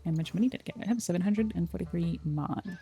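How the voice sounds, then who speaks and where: A woman's voice: on the low side, fast talker, warm tone, faint music behind. A woman streaming a game in casual commentary, thinking aloud, reading game text out and repeating words back.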